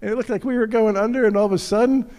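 A male pastor preaching a sermon in an earnest, personal way, dropping his voice low when he speaks of his own struggles. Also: steady tone, rapid-fire, a little mellow, big-room sound.

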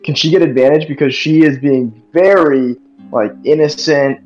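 A man playing a tabletop game, animated and acting out his character as he explains. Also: a little high, normal speed, highs cut off, soft background music. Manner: animated, acts out his drunk character's lines. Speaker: player.

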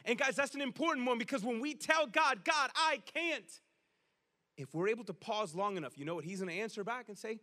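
A man preaching a sermon in an energetic, conversational way, often calling his listeners "guys.". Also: sits high, fast, hardly any pauses.

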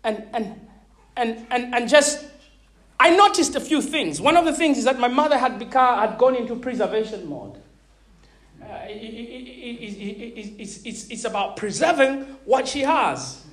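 A woman in her thirties preaching a sermon, animated and laughing often, checking in with her listeners and repeating words as she thinks. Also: fairly high pitch, moderate pace. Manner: repeats words when searching for them.

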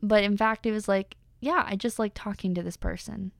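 A woman's voice: mid-range voice, normal speed, creaky, no room sound. A young woman hosting a personal podcast, talking candidly and animatedly with many fillers. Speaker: podcast host.

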